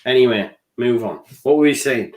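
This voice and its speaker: A man's voice: mid-range voice, normal speed. A man co-hosting a live fan stream, talking bluntly and casually, swearing often and laughing. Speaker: co-host of a fan channel.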